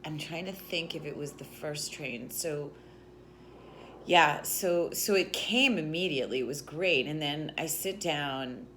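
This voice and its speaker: A woman's voice: sits low, unhurried, a bit bright, a little hiss or hum. A woman vlogger telling a story in a casual, rambling way, with lots of restarts and "like"s. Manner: rambling, chatty, with many restarts and "like"s.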